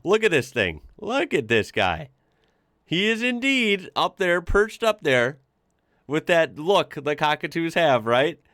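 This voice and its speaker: A man chats his way through a reaction video, full of fillers, restarts and quick laughs. His pitch moves up and down freely. The sound is dry and close. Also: very animated, a bit bright, no room sound. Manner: chatty, laughs often, many fillers and restarts. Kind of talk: casual reaction commentary.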